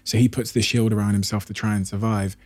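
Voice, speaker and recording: A man hosting a podcast, asking long, measured questions and retelling stories to set them up. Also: on the low side, flat delivery, darkish tone. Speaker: podcast host interviewer. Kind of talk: in-depth interview questions.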